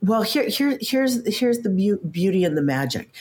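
A woman in her fifties, a guest on a podcast interview, talking in an animated, casual way, often stumbling on the first words of a sentence. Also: medium pitch, normal speed. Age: 50s. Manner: animated, stammers at starts, acts out quoted voices. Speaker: podcast guest, coach and author.

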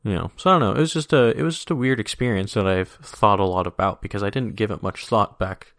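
A man with a fairly low voice co-hosting a podcast. He talks in loose, rambling chat, full of "like"s, restarts and quick laughs. The sound is dry and close, with no room. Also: fairly bright tone, dry recording. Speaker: podcast co-host. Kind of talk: casual chat.

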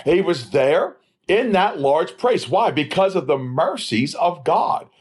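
A man's voice: on the high side, very animated, takes it slowly, a little mellow, husky. A man preaching a Bible study in a sermon style, asking rhetorical questions and answering them himself. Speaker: preacher, former evangelist.

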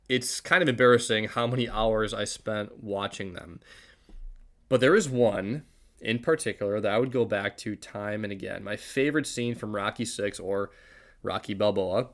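A man reading a Bible passage and then giving an earnest, measured devotional talk for his podcast. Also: on the low side. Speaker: podcast preacher. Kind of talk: scripture reading and devotional teaching.

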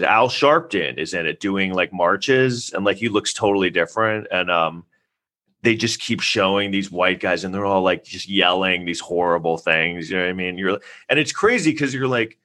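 A man from New York City hosting a podcast, telling stories in a rambling way with lots of fillers and animated quoted asides. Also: sits low, normal speed. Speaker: podcast host. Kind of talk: casual chat.

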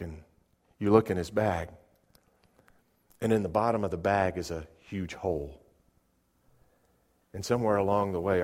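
A middle-aged man preaching a sermon, often repeating words as he starts sentences and moving between soft asides and loud emphatic peaks. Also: low-pitched. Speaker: pastor.

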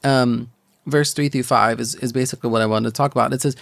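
Young guy, gravelly voice, middle pitch, talking about his faith in a halting, rambly way. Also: steady tone, no room sound. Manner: rambling, halting, many restarts and fillers. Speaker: podcast host. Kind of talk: personal faith testimony.

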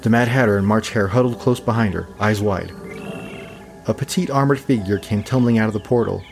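A man reading a fantasy story aloud in a measured, descriptive narration. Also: lowish voice, creaky, faint music behind.

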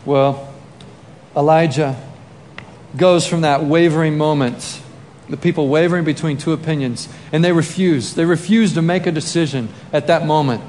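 Male preacher with a high voice, acting out the story with bursts of shouting; a reverberant hall. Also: moderate pace, a little hiss or hum. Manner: animated, acts out scenes with shouts and sound effects. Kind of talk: sermon storytelling. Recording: long reverb of a large hall, faint ambience.

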